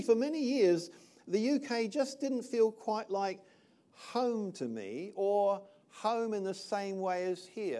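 Older male pastor from New Zealand, high voice, casual sermon delivery. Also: darkish tone. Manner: conversational, checks in with "all right?".

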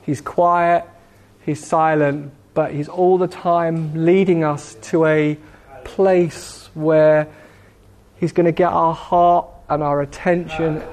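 Guy preaching a sermon real slow with long pauses, mellow relaxed tone. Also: a little high. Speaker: pastor.

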